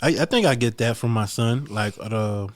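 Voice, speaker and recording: A man speaking as a guest in a casual podcast chat, relaxed and agreeable, with many fillers. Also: medium pitch, moderate pace, dry recording, clean studio sound.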